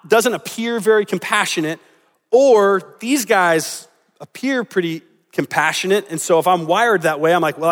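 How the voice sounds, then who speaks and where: A man with a fairly high voice delivers a sermon in a relaxed, conversational way and slips into the voices of people in his stories. His words ring out with a long reverb from the hall. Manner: conversational, acts out quoted lines. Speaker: pastor.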